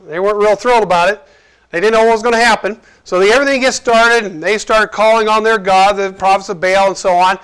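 A man preaching a casual, conversational sermon, lively and jokey, acting out the people he quotes. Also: high voice, a little fast, clear, resonant tone.

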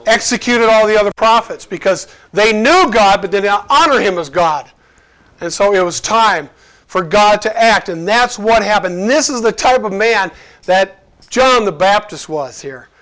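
High-voiced man preaching casually. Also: normal speed. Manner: lively, jokey, acts out quotes. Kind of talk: casual conversational sermon.

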